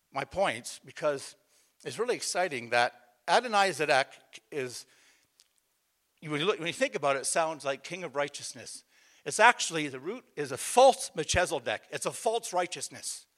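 Forceful, emphatic male preacher. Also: fairly high pitch. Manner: emphatic, calls out to the congregation; conversational storytelling with repeated restarts. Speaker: pastor. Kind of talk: sermon.

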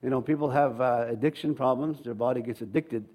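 A man's voice: mid-range voice, brisk, darkish tone. A male pastor preaching a sermon in a conversational way, acting out quoted voices and often repeating words.

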